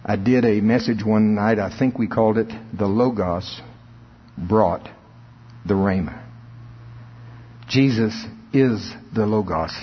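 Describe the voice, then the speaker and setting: A man preaching a sermon, swelling into emphatic high notes and laughing between points. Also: slow, pauses often, husky. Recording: lo-fi reverberant hall recording.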